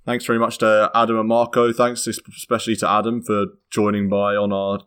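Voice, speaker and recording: A man's voice: on the low side, monotone, a little fast, fairly bright tone, clean tone. A British man hosting a casual podcast chat, rambling and correcting himself as he goes. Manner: rambling, self-correcting, laughs often. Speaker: podcast host.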